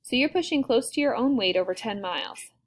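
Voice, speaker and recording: A woman voicing a calm, measured male teacher. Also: a little high. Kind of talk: audiobook character reading.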